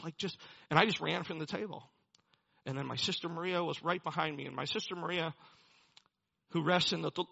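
A man's voice: high voice, gravelly, a bit bright, breathy edge, highs cut off. A man preaching a sermon, telling a personal story in an earnest way and building to emphatic preaching. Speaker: pastor.

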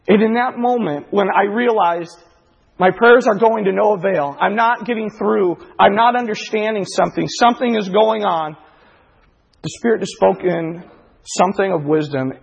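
A man preaching in a high, gravelly, breathy voice, telling his story earnestly as the emotion builds. The recording is dull and lo-fi. It sits in a hall with a long reverb tail. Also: moderate pace. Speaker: pastor. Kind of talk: sermon.

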